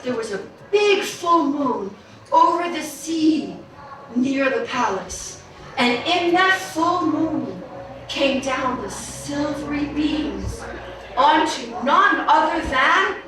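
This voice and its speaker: A woman telling a story live to children, animated and speaking to the audience directly. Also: slight background noise. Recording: booming echo, mic far off.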